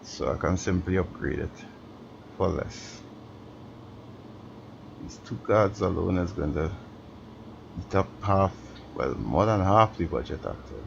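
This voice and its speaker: A tired man giving slow, mumbling casual commentary over gameplay on a stream, talking to himself as he plays. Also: low voice, lively intonation, vocal fry. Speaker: gaming streamer. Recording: dull lo-fi stream audio with background noise.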